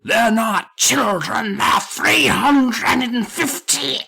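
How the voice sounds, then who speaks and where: A man voicing a very old, pale man taken for a ghost, speaking slowly and theatrically. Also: very high-pitched, creaky, pushed and bright, breathy edge, voice pushed up, exaggerated voice. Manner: slow, drawn-out, theatrical.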